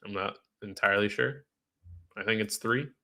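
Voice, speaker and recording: A man's voice: lowish voice, moderate pace, bright, forceful tone. Man with a stuffy nasal voice. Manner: thinks aloud, answers chat questions offhandedly. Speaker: live trading streamer. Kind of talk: casual live-stream commentary.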